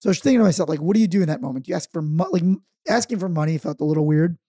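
A man, co-hosting a casual podcast and telling stories with loud acted-out quotes. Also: on the high side, racing, dry recording, clean studio sound. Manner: animated storyteller, acts out quotes loudly. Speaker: podcast co-host. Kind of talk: casual chat, storytelling.

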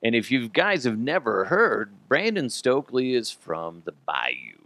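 A man hosting a podcast in a casual sports-talk style, animated, swearing freely and laughing often. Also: mid-range voice, unhurried, dry recording. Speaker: podcast host.

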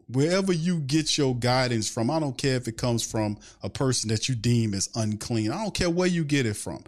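This sports fan podcast host, a man with a medium-pitched voice, rants in a lively, casual way. He stacks up rhetorical questions and breaks off to answer what viewers ask in the chat.

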